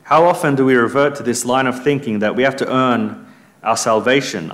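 A man's voice: medium pitch, fairly quick, a bit bright. A man preaching a sermon in an earnest, emphatic way, lifting his voice when he quotes scripture.

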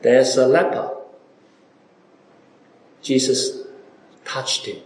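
A man preaching a sermon, asking his listeners question after question, with big swings between loud and soft. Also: drawn-out words. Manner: repeated rhetorical questions to listeners, wide dramatic swings in pitch and loudness. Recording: echoey room.

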